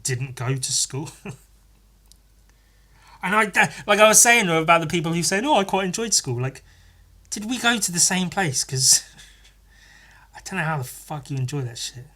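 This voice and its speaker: Sweary, sardonic man with a bright voice. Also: fairly high pitch, expressive, unhurried, pauses often. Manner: sweary, sardonic, laughs often. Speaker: podcast host. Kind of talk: casual storytelling monologue.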